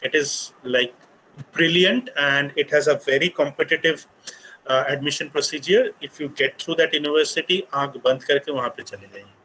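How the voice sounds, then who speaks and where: A man's voice: fairly high pitch, fast, pushed and bright, a little hiss or hum, poor audio. A man with an Indian English accent giving a study-abroad talk on a webinar, explaining step by step with many fillers. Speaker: guest speaker on study abroad. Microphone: computer mic on a video call.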